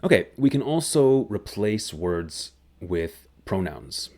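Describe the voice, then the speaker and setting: A man teaching a grammar lesson, explaining slowly and clearly. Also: on the low side, big pitch swings, darkish tone. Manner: slow, clear, deliberate explanation. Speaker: English teacher.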